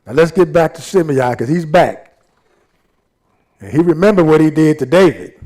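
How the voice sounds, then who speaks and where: A man's voice: fairly high pitch, normal speed, mellow. Laid-back slangy man leading Bible study. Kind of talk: casual Bible study teaching.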